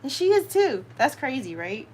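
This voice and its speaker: A woman with a Southern US accent, hosting a live tarot reading. She talks in an animated, slangy way, straight to her viewers. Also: high voice, moderate pace, breathy edge. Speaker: tarot reader, channel host.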